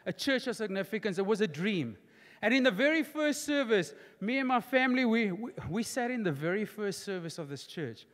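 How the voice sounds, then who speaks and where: A man preaches from the pulpit in a high, ringing voice. He repeats his key phrases and pushes harder and louder as his points build. His voice carries a long tail of reverb through a large church hall. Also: very animated, a little fast. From South Africa. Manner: emphatic, repetitive, builds to near-shouting. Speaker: pastor. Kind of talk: preached sermon.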